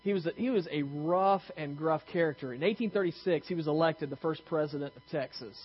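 A man's voice: a little high, a little fast, husky, highs cut off. A man preaching a sermon in a conversational, self-deprecating way, telling stories and often restarting his sentences. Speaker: pastor.

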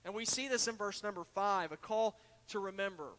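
This pastor has a high, somewhat bright voice and a brisk delivery, preaching earnestly from a church sanctuary. Filler "uh"s and restarts pepper his sermon as he rises toward emphatic points, all carried by the church's long hall reverb.

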